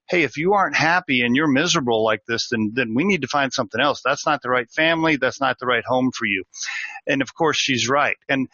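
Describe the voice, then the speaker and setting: A man's voice: on the high side, pushed and bright, dry recording. A middle-aged man hosting a career advice podcast, telling a personal story earnestly with small restarts. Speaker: podcast host, recruiter. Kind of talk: solo podcast monologue. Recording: slightly dull, dry sound.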